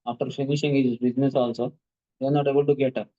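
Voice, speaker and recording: A man's voice: mid-range voice, quick pace, lo-fi sound. A man giving a devotional talk, telling stories with rhythmic repetition and questions to his listeners. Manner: animated storyteller, repeats words rhythmically, asks the audience questions. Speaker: speaker at a devotional class.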